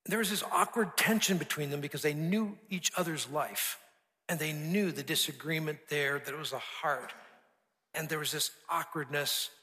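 A man's voice: a little high, normal speed, bright, forceful tone. A man preaching a sermon, telling a story earnestly and building emphasis through repeated phrases. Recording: long hall reverb.

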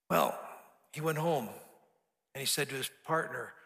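A man's voice: mid-range voice, lively intonation, brisk, vocal fry, sharp tone. A man preaching a sermon, telling a story earnestly and building emphasis through repeated phrases. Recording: long hall reverb.

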